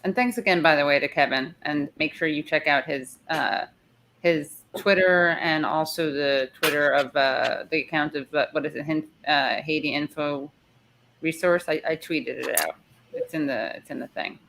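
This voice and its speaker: A woman with a low voice hosts a casual live chat. She sounds tired and rambles, circling back and breaking off her own sentences as she thinks aloud. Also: normal speed, a bit bright, a little hiss or hum. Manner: chatty, rambling, self-interrupting. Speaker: show host. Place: in the city, not her usual spot.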